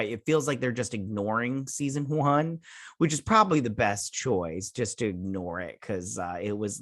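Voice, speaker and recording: A man's voice: medium pitch, fairly bright tone, no echo, studio quality. A man hosting a casual episode review, rambling with many fillers and restarts. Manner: rambling, filler-heavy, self-interrupting. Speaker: show host.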